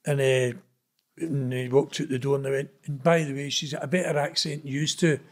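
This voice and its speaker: A man with a Glaswegian Scottish accent tells a story in a loose, chatty way. He jumps into the voices of the people he quotes. His pitch sits in the middle for a man. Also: brisk. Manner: animated, acts out quoted dialogue. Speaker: interview guest. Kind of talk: casual storytelling.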